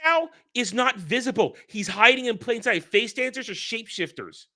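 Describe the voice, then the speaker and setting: Bright-voiced man ranting about movies. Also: very high-pitched, normal speed. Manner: animated, swearing, rambling. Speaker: podcast host. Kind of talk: casual movie discussion.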